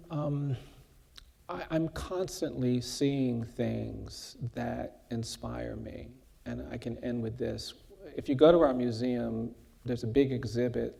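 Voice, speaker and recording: A man with a dark, gravelly, husky voice tells a story in an earnest, measured way during an onstage conversation. His voice carries a long reverb from the large event hall around him. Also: mid-range voice. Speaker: guest speaker, justice advocate.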